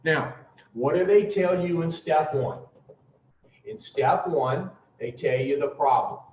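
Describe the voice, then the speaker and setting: A man's voice: a little high, darkish tone, a little hiss or hum. Blunt man teaching recovery in an echoey room. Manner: emphatic, drawn-out pauses, blunt with profanity. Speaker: recovery speaker teaching the twelve steps. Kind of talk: informal recovery talk to a group. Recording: roomy, distant, dull lo-fi sound.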